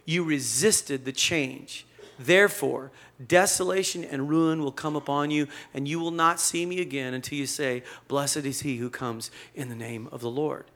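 A preacher acting out a grieving Jesus, weeping and earnest, as part of a sermon. The voice is bright and fairly high for a man, and it slows to a solemn, pleading pace. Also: steady tone. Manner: quoted in a sermon, slow and earnest.

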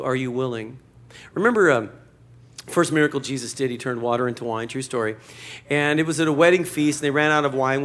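A man's voice: medium pitch, fairly bright tone. A man preaching a sermon to a church congregation, conversational and joking, acting out short quotes. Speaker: pastor.

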